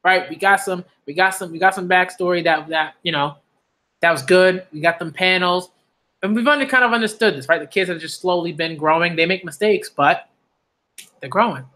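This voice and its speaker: An excitable man reacting live to a manga chapter, his voice bright and forward. He talks in slang and repeats his favorite lines over and over. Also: sits high, brisk. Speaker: manga reviewer.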